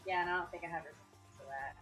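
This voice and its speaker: A woman's voice: lowish voice, fairly even intonation, very fast, a bit bright, soft background music. Eager woman player joking at the table. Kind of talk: casual tabletop game chat.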